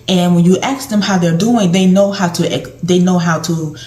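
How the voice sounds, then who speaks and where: Lower-voiced woman talking in an echoey room. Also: steady tone, normal speed, mellow. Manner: conversational, repeats and restarts phrases. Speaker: caregiver giving advice. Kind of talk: casual advice talk to camera.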